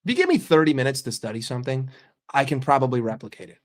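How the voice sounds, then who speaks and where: A man hosting, chatting casually and answering questions offhand, halting now and then with fillers. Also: mid-range voice, big pitch swings. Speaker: host.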